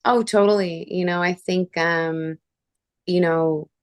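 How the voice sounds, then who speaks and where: A woman from Canada hosting a casual chat, telling personal stories in an animated way and acting out the voices of people she quotes. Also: lowish voice, takes it slowly, clear, resonant tone, no echo, studio quality. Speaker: show host.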